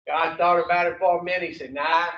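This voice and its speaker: A high-voiced man preaching to a recovery group, blunt and profane, tossing question after question at his listeners. He is heard from a distance in a roomy space, and the sound is dull and muffled. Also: steady tone, quick pace. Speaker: recovery speaker. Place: meeting room at an addiction recovery center.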